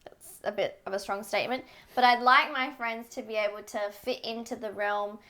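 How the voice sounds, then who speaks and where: A bubbly woman chatting as a podcast co-host, her voice sitting a touch higher than most. She reacts fast with little exclamations and keeps the talk moving. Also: fairly even intonation, pushed and bright. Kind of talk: casual chat.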